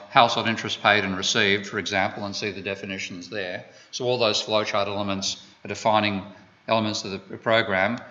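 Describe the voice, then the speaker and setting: A man's voice: fairly low pitch, bright, forceful tone. An Australian man giving an economics lecture, digressive and full of wry asides. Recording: dull lo-fi lecture recording.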